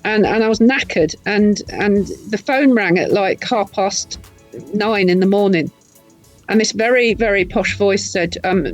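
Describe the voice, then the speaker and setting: A woman's voice: mid-range voice, unhurried, rough recording. Older woman, gabby storyteller, swears now and then, faint music behind. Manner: chatty storyteller, swears casually. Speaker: guest artist and writer. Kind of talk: casual chat.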